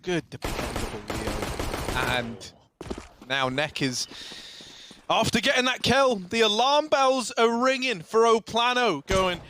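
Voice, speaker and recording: A man commentating an esports match, jokey and quick to yell at tense plays. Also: sits high, very animated, a little hiss or hum. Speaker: esports caster.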